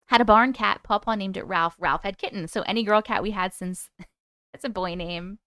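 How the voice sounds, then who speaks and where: A woman's voice: medium pitch, moderate pace, fairly bright tone, no echo, studio quality. A young adult woman hosting a live stream, chatting casually and laughing as she reads viewers' comments aloud. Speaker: YouTube live host.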